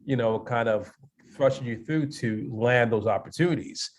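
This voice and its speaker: A man's voice: medium pitch, moderate pace. A man hosting a podcast interview, talking loosely with lots of fillers. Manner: warm filler-heavy praise, many "you know"s. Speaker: podcast host.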